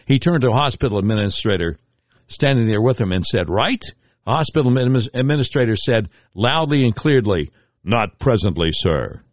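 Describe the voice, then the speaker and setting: A man's voice: a little fast, no echo, clean studio sound. Emphatic, indignant male radio talk host. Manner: emphatic, indignant storytelling with sharp pitch swings. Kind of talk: political commentary monologue.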